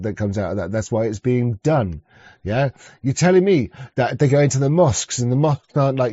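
A streamer reacting to a clip rants in rambling, crude, sarcastic commentary, often restarting his sentences. His voice is mid-pitched and mellow, with no room sound, captured on a dull lo-fi mic.

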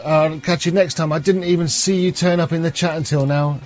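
Guy rambling on a stream, kinda high voice, muffled lo-fi audio. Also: a little fast, loud music behind the voice. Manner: crude, rambling, excitable. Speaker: livestream host. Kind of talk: casual livestream chat.

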